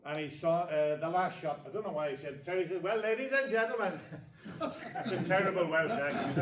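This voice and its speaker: An older man from Northern Ireland, with a voice on the high side, performs snooker trick shots while joking and telling stories to an audience. A chatty storyteller who laughs often, he trades live exhibition banter in a large echoey snooker hall, captured by a distant mic with crowd noise.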